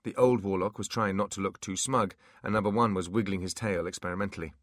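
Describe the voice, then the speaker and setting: A man narrating a fantasy audiobook in an expressive storytelling manner. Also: sits low, quick pace, dry recording, studio quality.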